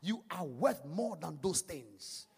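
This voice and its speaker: A male pastor preaching a sermon to a congregation in a church, swinging from hushed lines to shouted, sing-song emphasis and calling for claps. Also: a little high, sing-song, slow, creaky, breathy edge. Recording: long church hall reverb.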